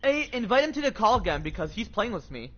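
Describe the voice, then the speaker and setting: A man hosting a game livestream, chatting loudly and excitably with friends on a voice call, full of slang. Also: high-pitched, fast, lo-fi sound, a little hiss or hum. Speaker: gaming livestream host. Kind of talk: casual chat with friends on a voice call.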